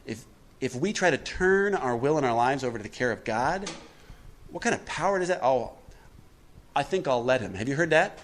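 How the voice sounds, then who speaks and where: Man, mid-pitched, leading a recovery workshop; preachy, quizzes the room, acts out lines. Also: moderate pace, slight background noise. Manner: preachy, asks the room questions and answers them; acts out quotes with animated swings in pitch and volume. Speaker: workshop speaker.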